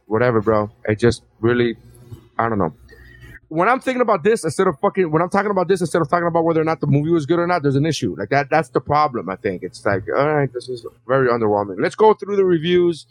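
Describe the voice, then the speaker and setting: A man's voice: a little high, lively intonation, fast. A man hosting a movie review podcast, talking in a rambling way with many restarts and casual swearing. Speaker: podcast host.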